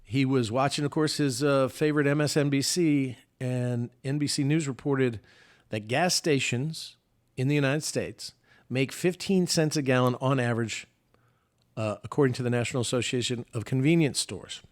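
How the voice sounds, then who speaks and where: A man's voice: mid-range voice, normal speed. A man, a former senator co-hosting a political talk podcast, speaking conversationally with frequent restarts.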